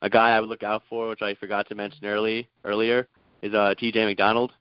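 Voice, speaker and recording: A man's voice: on the low side, little pitch movement, brisk, clean tone, no room sound, lo-fi sound. A man calling in to a sports talk show, speaking hesitantly with lots of fillers and restarts. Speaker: caller. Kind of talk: casual sports call-in chat.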